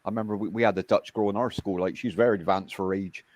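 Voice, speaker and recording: Chatty uk stream host guy, talks super fast, asks "aren't they" a lot. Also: fairly low pitch, steady tone, a little mellow, no echo. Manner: chatty, quick rambling with tag questions. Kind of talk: casual chat.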